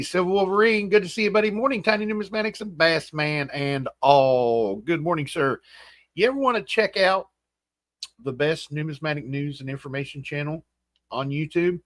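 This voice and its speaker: A man with a West Virginian accent hosts a casual livestream from a room at home, greeting viewers by name in a groggy morning voice. He comes across as folksy, reading out chat names and saying hello to each. His voice is a little high and fairly bright, in a dry recording.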